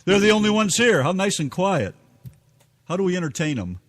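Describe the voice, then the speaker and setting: A man's voice: sits high, sing-song, fairly quick, faint music behind. A man from Kentucky, co-hosting a casual live internet radio show, joking and rambling while he looks for songs.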